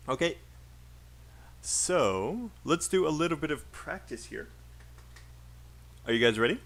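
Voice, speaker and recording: A man with a British accent leads a livestreamed pronunciation lesson, chatty and encouraging. He says sentences out loud, breaks them into short pieces and repeats each one so learners can follow the stress and rhythm. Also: fairly high pitch, expressive. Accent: British English. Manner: drills phrases by repeating them slowly for learners. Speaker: English speaking teacher.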